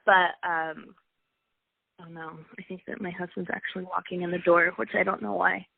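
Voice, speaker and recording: Gravelly and husky, her fairly low voice holds a steady tone at a moderate pace. The young woman, a wrestling coach's wife and interview guest, tells personal stories casually and emotionally, restarting often, over a tinny, dry phone-like line.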